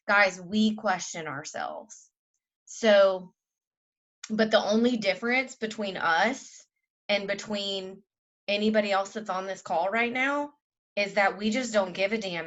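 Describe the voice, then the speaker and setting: A woman's voice: medium pitch, dull audio. Fervent woman giving an emotional pep talk. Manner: fervent, preachy, swings between loud and soft. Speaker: team leader on a group call.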